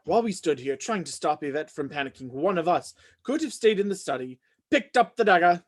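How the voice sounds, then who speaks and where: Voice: mid-range voice, sing-song. Wadsworth, a reader playing a frantic butler. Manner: hurried, breathless recap with sudden yelps. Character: frantic male butler explaining a murder. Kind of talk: live script reading.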